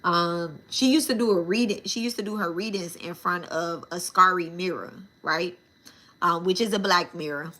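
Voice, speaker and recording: A woman's voice: on the low side, normal speed, pushed and bright. A woman telling a story casually and animatedly, with a lot of profanity and asides to her viewers as y'all. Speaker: spiritual channel host.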